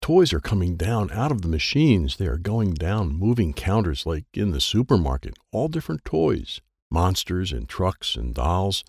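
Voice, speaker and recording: A man narrating a children's audiobook in a lively first-person voice, adding sound effects as he reads. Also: low-pitched, normal speed, few pauses, slightly rough, no room sound, studio quality.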